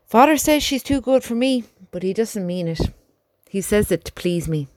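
A woman voicing a gentle young male soldier who talks softly and reassuringly to his horse, in an audiobook. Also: medium pitch, lively intonation, normal speed, no room sound, voice pushed up, natural voice. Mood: fond. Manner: soft, chatty, reassuring talk to a horse.

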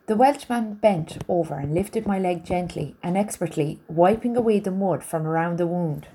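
Woman reading a story, mellow and low. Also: normal speed, creaky, few pauses, a little hiss or hum. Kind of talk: reading a novel aloud.

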